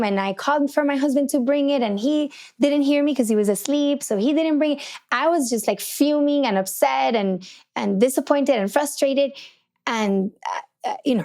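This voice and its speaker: A woman's voice: medium pitch, vocal fry, a little mellow. A middle-aged woman hosting a faith and relationships podcast, telling a personal story in a candid, chatty way and acting out her own thoughts. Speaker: podcast host.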